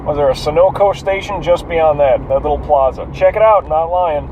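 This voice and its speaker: A man's voice: fairly high pitch, moderate pace, muffled recording. A tired man rambling to himself while driving, cursing at traffic in a casual, profane monologue from inside his car. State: yawning and tired. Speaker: vlogger.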